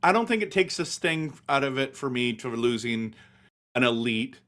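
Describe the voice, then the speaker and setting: A man's voice: mid-range voice, animated, moderate pace, a bit bright. A middle-aged man, ranting passionately about hockey in a casual sports chat. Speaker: hockey show host.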